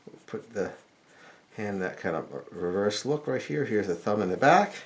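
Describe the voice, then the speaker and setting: Man with a lively, gravelly voice teaching drawing. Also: fairly low pitch, normal speed. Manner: relaxed explanatory, thinking aloud while sketching. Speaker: drawing instructor. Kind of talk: step-by-step drawing tutorial.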